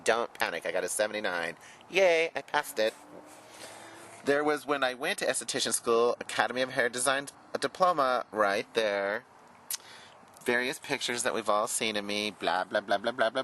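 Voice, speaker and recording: A man's voice: medium pitch, bright, forceful tone, slight background noise, rough recording. A hairdresser reminiscing frankly as he shows old photos and papers, a chatty, outspoken man who swears freely and talks flamboyantly. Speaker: hairdresser and vlogger. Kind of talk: candid personal reminiscing.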